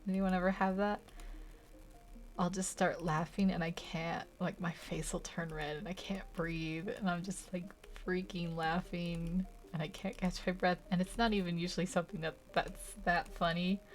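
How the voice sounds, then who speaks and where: A woman's voice: on the low side, level tone, moderate pace. A woman chatting casually while she draws, giggly and rambling, tired from a long day without sleep. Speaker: art channel host. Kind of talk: casual drawing commentary.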